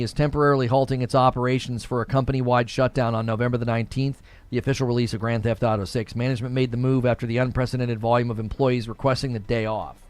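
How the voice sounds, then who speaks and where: Animated man hosting a livestream. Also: mid-range voice, dry recording. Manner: animated, laughs often, quick asides. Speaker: livestream host. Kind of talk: casual livestream chat, reading viewer messages.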